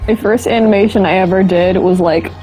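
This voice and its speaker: A woman's voice: mid-range voice, steady tone, a little fast, warm tone, soft background music, poor audio. Chatty, playful woman on voice chat. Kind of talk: casual chat.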